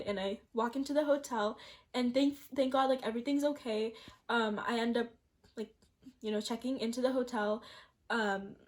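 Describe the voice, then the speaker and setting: Teen girl vlogger rambling through a storytime, says like a lot, laughs a bunch, voice a bit on the high side. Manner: chatty and rambling, heavy use of "like", frequent restarts; laughs often while telling the story. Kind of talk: storytime vlog.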